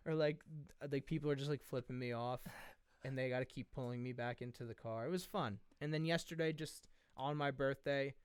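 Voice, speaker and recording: A man's voice: mid-range voice, brisk, smooth, no room sound. A young man in his twenties, a podcast co-host, telling a rambling story with lots of swearing. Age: 20s. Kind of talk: casual chat.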